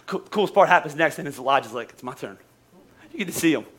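A man, a pastor preaching a lively, joking sermon in a church service, repeating phrases for emphasis. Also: on the high side, rapid-fire, breathy edge.

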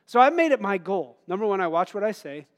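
A man's voice: sits high, sing-song, quick pace. A middle-aged man preaching a sermon in an earnest, conversational way, laughing at himself now and then.

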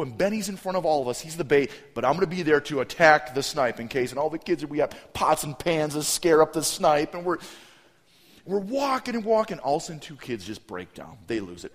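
A male preacher delivering a sermon in a large hall, his somewhat high voice swinging widely as he tells a lively story. He throws his voice up into shrieks for frightened children, then settles back down. A long reverb trails after every phrase. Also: fast. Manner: acts out kids' voices with big swings in pitch and volume.

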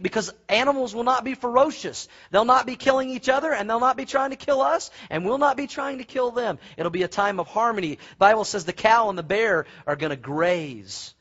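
High-voiced, husky preacher. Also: male voice, muffled recording. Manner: animated, folksy storytelling with asides. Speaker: pastor. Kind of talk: sermon.

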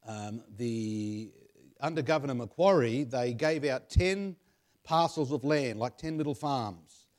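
A man's voice: mid-range voice, a little mellow. Australian man chatting with many fillers. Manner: rambling, chuckling, many fillers. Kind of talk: casual chat.

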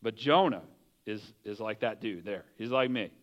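A man's voice: fairly low pitch, moderate pace, lo-fi sound. A man preaching a conversational sermon, often asking the listeners questions. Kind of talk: casual sermon.

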